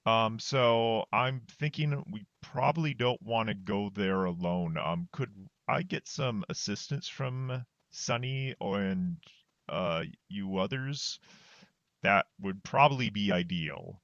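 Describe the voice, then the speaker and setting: A man playing a tabletop game, speaking slowly and hesitantly with many ums. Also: lowish voice, a bit bright, no room sound, highs cut off. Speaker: player. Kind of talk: in-character tabletop message.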